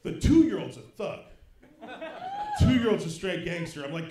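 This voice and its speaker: Stand-up comic, man, thirties, high animated delivery, roomy club mic. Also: unhurried, noisy background. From Kansas City, United States. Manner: animated, swings from low mutters to loud shouted punchlines. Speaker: stand-up comedian. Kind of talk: stand-up comedy set. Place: comedy club stage.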